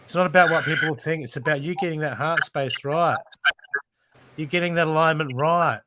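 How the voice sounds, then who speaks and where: A man's voice: fairly high pitch, normal speed. A man giving a live spiritual card reading as host, emphatic and repetitive, swearing casually. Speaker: intuitive card reader and show host. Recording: steady background noise.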